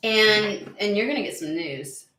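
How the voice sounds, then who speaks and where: Woman, tarot reader, casual vlog reading, animated, swears a lot, roomy echo. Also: medium pitch, unhurried, slight background noise. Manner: animated, swears freely, chatty.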